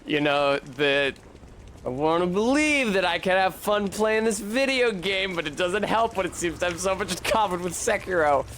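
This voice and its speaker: A fairly high-voiced man swears and grumbles through a game as he plays it, talking to his chat as he goes. His casual, exasperated commentary comes through a desk mic at home, with a faint hiss behind it. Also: lively intonation, moderate pace, a bit bright. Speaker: streamer.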